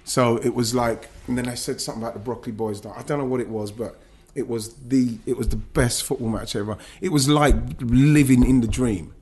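A husky-voiced man with a mid-range pitch tells stories from his football career as a podcast guest. He talks haltingly, restarts his sentences often and swears freely. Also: steady tone, a little mellow. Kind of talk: emotional podcast interview.

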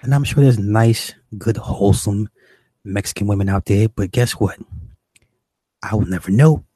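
A man's voice: on the low side, moderate pace, dark tone, husky, no echo. A young man doing stand-up, telling a crude story in a profane, exasperated, rambling way. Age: young adult. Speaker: stand-up comedian.

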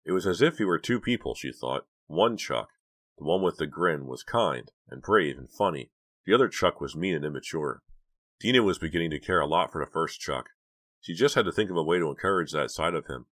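A man narrating an audiobook in an even, measured storytelling manner. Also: a bass voice. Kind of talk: scripted narration.

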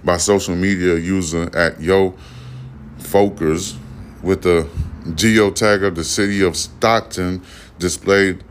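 Low-voiced male podcast host, casual profane news commentary, rambling delivery. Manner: profane, rambling, laughs at the stories.

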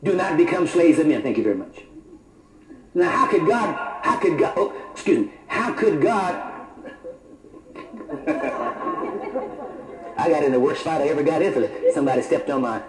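A man preaching a sermon, quoting scripture slowly and adding mock-approving remarks. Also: a little high, sing-song. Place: church. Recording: roomy church hall, faint noise.

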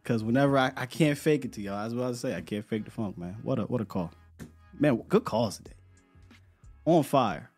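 A relaxed man hosting a live podcast, chatting loosely with lots of slang and repeated words. A little music plays faintly in the background. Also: medium pitch, fairly quick. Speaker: podcast host. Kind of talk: casual live-stream chat.

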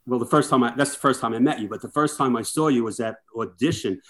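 A middle-aged man, a firefighter, telling lively anecdotes as a podcast guest and acting out the dialogue he quotes. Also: mid-range voice, fast. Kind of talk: casual storytelling chat.

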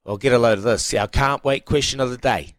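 A man in his thirties with a New Zealand accent, co-hosting a breakfast radio show in casual chat, lively and quick to laugh. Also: mid-range voice, soft background music. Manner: lively, laughs often, uses bro and mate. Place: radio studio.

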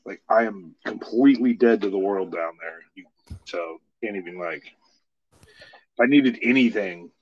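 A man's voice: lowish voice, unhurried, dull audio. A man joking around in a laid-back way on a casual podcast.

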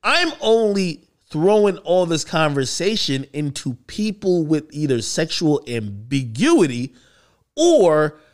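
A man hosting a podcast, talking in a casual, questioning way. His voice sits fairly high and moves a lot in pitch. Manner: conversational, questioning, animated. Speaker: podcast host. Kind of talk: casual commentary.

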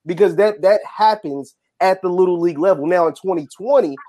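A man with a fairly high voice speaks as a panelist in a casual online discussion. He makes his points emphatically and circles back to repeat them. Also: a little fast, dark tone.

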